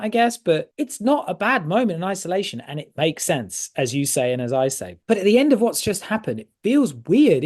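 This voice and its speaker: A man's voice: high voice, darkish tone. A man co-hosting a podcast, chatting casually about a film in a rambling way, with restarts and frequent laughs. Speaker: podcast co-host. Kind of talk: casual film-review chat.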